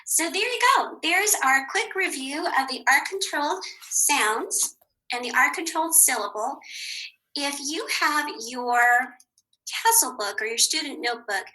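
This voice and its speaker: A woman teaching a children's phonics lesson, patient and clear, saying each word twice with the second higher. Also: bright, forceful tone, rough recording. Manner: clear, patient, sing-song.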